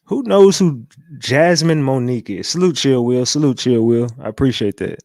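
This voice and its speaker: A man hosting a casual livestream, talking loosely, repeating catchphrases and shouting out viewers. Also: medium pitch, lively intonation, moderate pace, gravelly, no room sound. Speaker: livestream host.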